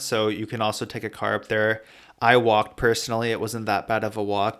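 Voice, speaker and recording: A man narrating a casual travel vlog, chatty and relaxed, sometimes stopping to spell out place names letter by letter. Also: medium pitch. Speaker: travel vlogger.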